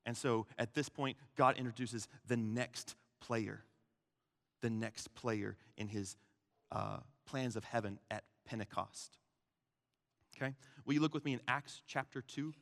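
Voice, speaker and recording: Male pastor preaching, lively and theatrical, acts out the crowd voices, long hall reverb, mid-pitched voice. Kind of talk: sermon.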